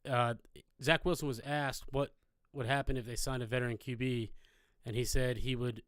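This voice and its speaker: A man's voice: mid-range voice, steady tone, normal speed, a bit bright, clear, resonant tone, no echo. A man co-hosting a casual podcast, chatting and reading out details in a dry way. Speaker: podcast co-host. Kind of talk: casual chat.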